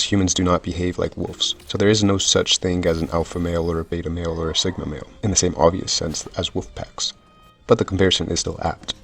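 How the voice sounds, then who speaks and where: A very low-voiced man narrates a scripted video essay at a measured, explaining pace. Soft music sits faintly behind him.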